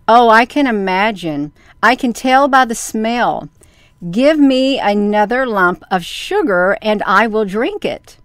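A woman's voice: a little high, expressive, slow pace, a bit bright, no echo, studio quality. A woman voicing a whining, stubborn wooden puppet boy in a storybook reading. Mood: wailing. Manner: whining, wailing protests.

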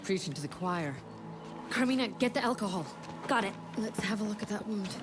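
A woman's voice: mid-range voice, expressive, brisk, lightly acted. An actress playing a tough, caring mother who leads a settlement, speaking firmly and encouragingly. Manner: firm, encouraging. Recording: music loud behind.

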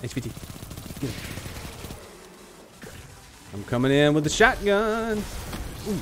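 Animated man streaming a shooter. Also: fairly high pitch, a little slow, a little hiss or hum. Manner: excitable, joking trash talk at opponents. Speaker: streamer playing an online shooter. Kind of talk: live gameplay commentary. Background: faint background music.

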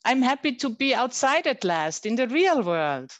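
A restless seventeen-year-old girl, eager and defiant, speaks up brightly, read aloud by a woman. Her voice lifts well above the reader's usual pitch and rings in a dry, close space. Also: very animated, normal speed, no room sound, dull audio.

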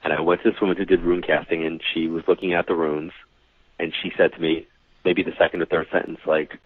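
Deep-voiced guy in his 40s from new york telling a story, acts out the back and forth, dry tinny phone sound. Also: fast talker, slightly rough, dry recording. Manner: animated storyteller who acts out quoted dialogue. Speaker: guest, psychic medium. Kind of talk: casual storytelling interview.

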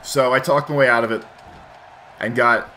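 Playing through a game, the host narrates a long story in a loose, rambling style packed with profanity and restarts. His mid-range voice is bright and forceful, with fairly even intonation and a moderate pace.

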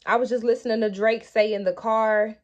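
A woman giving a spiritual tarot reading, speaking emphatically and straight to her viewers, stretching out key words between quicker asides. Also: on the high side, fairly even intonation, muffled recording. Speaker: tarot reader.

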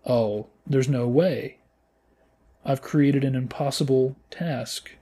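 Playful man with a mellow voice. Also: slow, breathy edge. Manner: playful, exclaims in high squeals at the game. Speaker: gaming channel host. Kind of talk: casual let's-play commentary.

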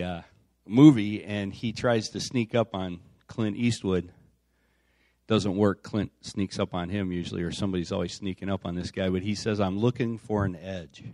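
A man's voice: on the low side, darkish tone, no room sound, clean studio sound. A man preaching an informal sermon as a pastor, reading scripture aloud with casual asides. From United States. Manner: conversational, reads aloud with asides. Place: church.

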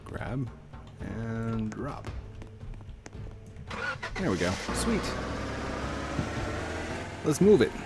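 A man's voice: medium pitch, very animated, very slow, gravelly, long pauses, loud music behind the voice. A man casually commenting while he plays a building game, chatting to himself and his viewers. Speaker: let's play host.

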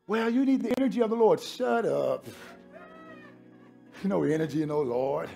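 Pastor, male, high raspy register, preaches in bursts and runs out of breath, faint music under. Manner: shouting, then quieter and out of breath. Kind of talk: sermon.

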